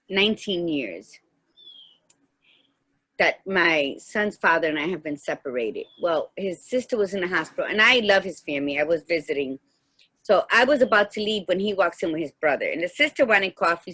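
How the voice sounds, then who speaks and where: A woman's voice: on the low side, fairly bright tone, breathy edge. A woman co-hosting a casual podcast chat, telling heartfelt personal stories and acting out the dialogue in them. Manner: heartfelt storytelling, acts out dialogue. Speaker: podcast co-host.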